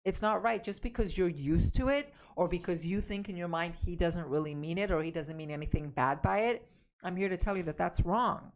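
A woman's voice: on the low side, a little fast, slight background noise. A woman relationship coach giving emphatic, direct advice, repeating her key points. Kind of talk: advice talk to camera.

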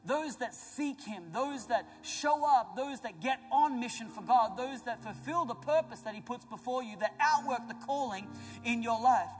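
A man preaching a sermon as pastor, emphatic and building to loud declarations, with joking asides to the congregation. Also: very high voice, animated, normal speed. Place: church auditorium. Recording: large church hall with reverb and faint music.

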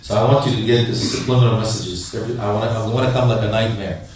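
A man's voice: on the low side, fairly even intonation, darkish tone, a little hiss or hum. Man preaching in an echoey mosque hall. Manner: asks the crowd questions and acts out excuses in quick back-and-forth. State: losing his voice. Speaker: imam giving a talk. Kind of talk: lively Ramadan sermon to a congregation. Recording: echoey hall, mic from a distance.

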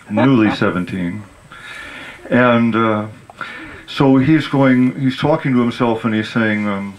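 A man's voice: mid-range voice, slow, pauses often, low-quality recording. A man telling a funny family story at a memorial, laughing often as he goes. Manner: lively, amused, laughing through the story. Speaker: speaker at a memorial. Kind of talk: storytelling eulogy.

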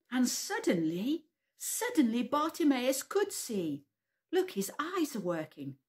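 A woman's voice: a little high, wildly swooping pitch, measured pace. A woman leading a preschool church session, telling a story to young children and leading them in call-and-response. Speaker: preschool worship leader.

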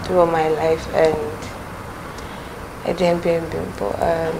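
A woman's voice: deep voice, level tone, takes it slowly, noisy background. A Ghanaian woman in her twenties, a guest artiste, answering interview questions in a playful, coy way. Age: 20s.

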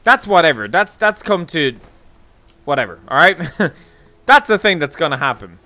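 Lively, bright-voiced man ranting through gameplay. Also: on the high side, normal speed. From Ireland. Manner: rambling, sarcastic, jokey ranting. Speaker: gaming streamer. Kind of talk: casual let's play commentary.

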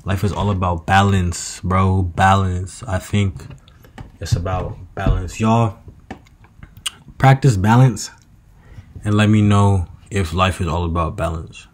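A man's voice: sits low, fairly even intonation, slow. A young man talking to himself late at night in a loose, meandering, slangy monologue that drifts into half-freestyled rhymes. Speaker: vlogger.

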